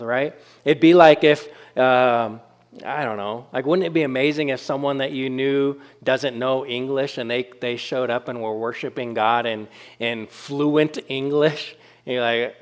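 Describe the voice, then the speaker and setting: A man's voice: mid-range voice, steady tone, normal speed, clean tone. A man preaching a sermon as pastor, in a conversational style with frequent fillers and check-ins with the congregation.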